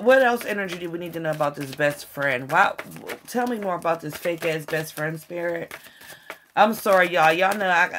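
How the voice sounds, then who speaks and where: A woman giving a casual tarot reading to her viewers, excitable and swearing often as she talks to them directly. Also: lowish voice. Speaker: tarot reader.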